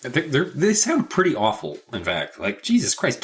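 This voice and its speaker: A man's voice: on the high side, very animated, a little slow, few pauses. A man co-hosting a comedy podcast, reacting with incredulous, profane jokes. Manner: incredulous, swears freely. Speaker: podcast co-host. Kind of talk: casual comedic chat.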